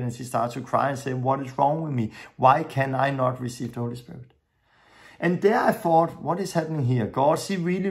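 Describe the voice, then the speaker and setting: Earnest preacher with English. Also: male voice, medium pitch, creaky. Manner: earnest, storytelling, non-native English with grammar slips. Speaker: preacher teaching a lesson. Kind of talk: sermon-style teaching with stories.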